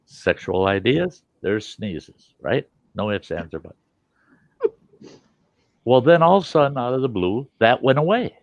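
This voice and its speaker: A man's voice: mid-range voice, animated, a little slow, dry recording. A man hosting a casual show and telling rambling, swearing anecdotes. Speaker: host. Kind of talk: casual storytelling. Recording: dull lo-fi dry sound.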